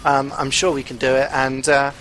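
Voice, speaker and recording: A man doing live esports commentary as co-caster, talking in a chatty way and filling pauses with fillers and restarts. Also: mid-range voice, level tone, a bit bright.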